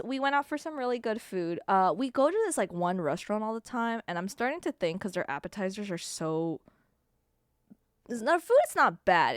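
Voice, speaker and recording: A woman live streamer chatting casually with her viewers, telling stories in an animated way with frequent laughs and swearing. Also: medium pitch, no echo, clean studio sound.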